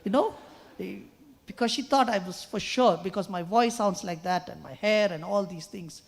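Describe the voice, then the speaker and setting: A man with a high, soft voice often taken for a woman's, giving an earnest sermon-style talk at a youth choir festival. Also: normal speed, gravelly, breathy edge. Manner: earnest, storytelling, with quoted refrains. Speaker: guest musician and speaker. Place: large hall at a choir festival. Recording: long hall reverb.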